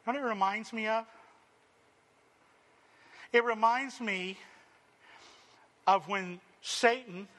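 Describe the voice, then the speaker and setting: A man preaching a sermon, acting out the quoted lines and swinging from loud emphasis to hushed, drawn-out phrases. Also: high-pitched.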